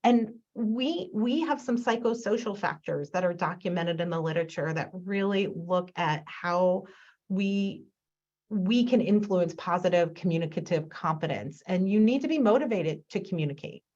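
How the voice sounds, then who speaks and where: A woman's voice: lowish voice, normal speed, darkish tone. A woman giving a conference presentation as a speech therapist, acting out sample prompts to a client as she explains. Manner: demonstrating with acted-out prompts to a client. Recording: dull lo-fi recording.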